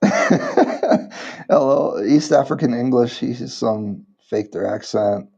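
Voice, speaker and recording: A man in his thirties from the United States, chatting casually on a livestream and rambling with halting restarts. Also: mid-range voice, animated, creaky, darkish tone, slightly rough, dull audio. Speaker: livestream vlogger.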